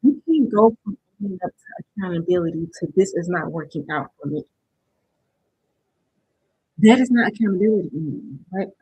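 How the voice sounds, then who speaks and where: A woman's voice: lowish voice, expressive, brisk, pauses often, mellow, breathy edge, dry recording, rough recording. A woman hosting a live-stream motivational workshop, talking conversationally and often checking in with her viewers with "right?". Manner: conversational, keeps asking "right?" to the chat; addresses viewers directly and checks they understand. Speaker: workshop host.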